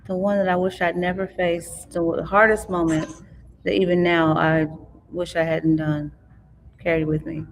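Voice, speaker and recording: A middle-aged woman, an author and interview guest, telling her life story in an earnest, reflective way, often halting and restarting. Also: on the low side, flat delivery, slight background noise. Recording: long hall reverb.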